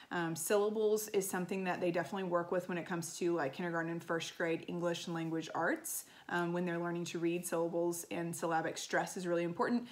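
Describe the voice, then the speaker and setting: A woman music teacher giving a recorded lesson to children, explaining in an upbeat teacherly way with frequent ums and okays. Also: lowish voice.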